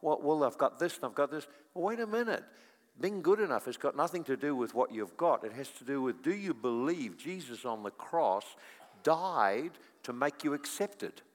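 A middle-aged man preaching a sermon, telling stories and swinging from quiet to loud. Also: fairly high pitch. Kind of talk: sermon with storytelling. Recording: long echo of a large hall.

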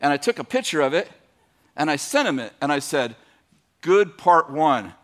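Male podcast preacher, bright ringing tone, animated storyteller. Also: a little high, a little fast. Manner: animated, laughing storyteller, rising to emphatic.

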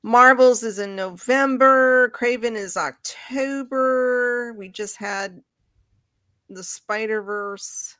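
A woman co-hosting a live fan talk show, chatting offhandedly and thinking out loud. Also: fairly high pitch, slow, no echo. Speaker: podcast co-host. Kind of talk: casual live chat.

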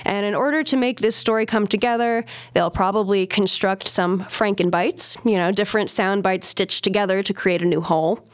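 A woman's voice: mid-range voice, moderate pace, hardly any pauses. A woman hosting a casual podcast, telling a story in a conversational way with asides. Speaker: podcast host.

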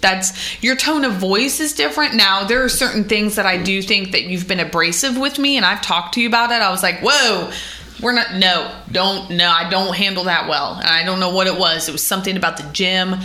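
Bright-voiced woman in casual chat. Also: mid-range voice, brisk, few pauses. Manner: animated, talks in long run-on explanations. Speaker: podcast co-host, sister-in-law. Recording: echoey room.

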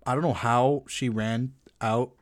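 A man with a mid-range voice telling an everyday story. His delivery is relaxed and conversational. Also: medium pitch, unhurried. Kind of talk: casual chat.

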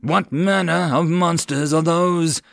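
A man's voice: fairly high pitch, fairly even intonation, takes it slowly, vocal fry, no room sound, pitched above the performer's own voice. A man doing a commanding noble lady. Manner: curt, demanding, raised voice. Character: commanding noble lady fleet leader, imperious.

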